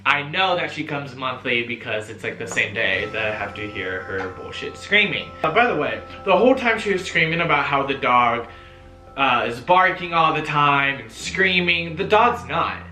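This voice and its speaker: Chatty young man telling a bright story. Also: medium pitch, normal speed. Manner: chatty and animated, heavy on fillers and swearing. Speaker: vlogger. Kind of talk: casual story-time vlog. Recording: roomy echo, faint music.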